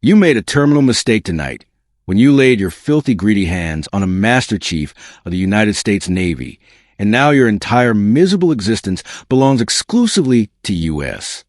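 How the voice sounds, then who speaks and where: A man voicing a cold, menacing male commando leader who speaks in a low growl. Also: very animated, moderate pace, no echo, studio quality.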